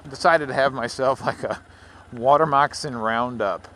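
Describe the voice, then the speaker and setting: A man's voice: mid-range voice, moderate pace, fairly bright tone, a little hiss or hum. A man from Louisiana with a Southern accent, rambling casually while riding a motorcycle. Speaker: motovlogger.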